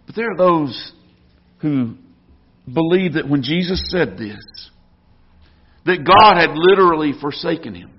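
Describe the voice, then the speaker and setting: A man with a high, husky voice preaches a sermon with earnest conviction. His voice swells when he quotes scripture. The recording is dull and lo-fi. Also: animated, unhurried, long pauses. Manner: earnest, rising in volume when quoting scripture. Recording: dull lo-fi sound.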